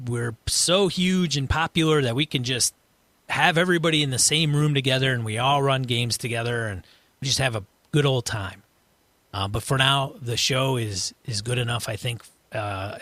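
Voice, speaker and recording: A man with a middle-range voice co-hosts a podcast into a dry, close mic. He speaks haltingly, pausing often and searching for words. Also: mid-range voice, a bit bright, no echo. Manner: hesitant, halting, many ums, grateful. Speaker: podcast co-host. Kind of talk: casual podcast chat.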